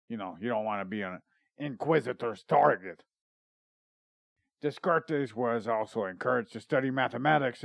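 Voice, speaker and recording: A man's voice: medium pitch, vocal fry, fairly bright tone, no echo. A man hosting a comedy podcast, rambling and joking, sometimes reading from his notes. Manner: rambling, jokey, reads research notes aloud. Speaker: podcast host. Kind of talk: casual comedy podcast chat.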